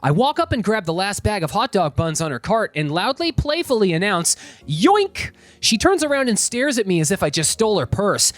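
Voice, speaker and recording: Lively, expressive male story reader. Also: sits high, fairly quick, hardly any pauses, no room sound. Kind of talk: reading online stories aloud with commentary. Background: faint background music.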